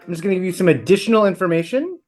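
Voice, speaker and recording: A man's voice: high-pitched, animated, rapid-fire, faint music behind. A man co-hosting a podcast in casual chat, wordy, playful and a little sentimental. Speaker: podcast co-host.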